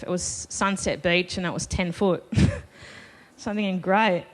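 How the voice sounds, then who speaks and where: A little slow and lowish, with fairly even intonation, this woman tells a personal story on a festival panel before a live audience, laughing between lines and poking fun at herself in a chatty way.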